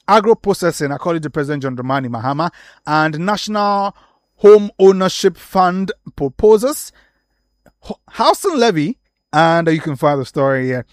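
Brisk Ghanaian man reading headlines. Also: on the high side, no echo, studio quality. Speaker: newspaper review presenter. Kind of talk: reading newspaper headlines on air.

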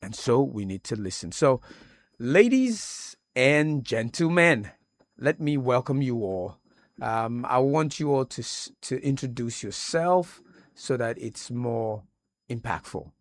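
Slow, emphatic male radio host. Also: mid-range voice, a little mellow, dry recording. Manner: measured, emphatic, addresses guests directly. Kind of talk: slow, deliberate radio talk show hosting. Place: radio studio.

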